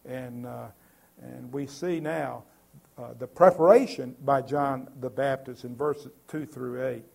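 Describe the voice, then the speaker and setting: A man's voice: mid-range voice, steady tone, a little slow, vocal fry, a little mellow. A man preaching a sermon earnestly, with many filler sounds and repeated words.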